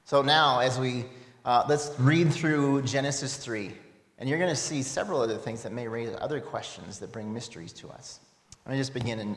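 A man's voice: medium pitch, fairly bright tone. A man preaching a sermon, reading scripture aloud and asking reflective, rhetorical questions. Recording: echoey hall with long reverb.

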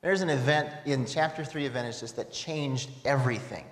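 A man's voice: medium pitch, a little fast. A man preaching a sermon, reading scripture aloud and asking reflective, rhetorical questions. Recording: echoey hall with long reverb.

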